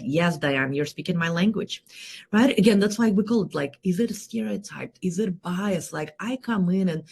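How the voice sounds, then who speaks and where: Woman host, leadership coach, gravelly husky voice, energetic rhetorical delivery. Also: sits low. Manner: energetic, rhetorical, keeps asking "right?". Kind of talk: solo livestream talk.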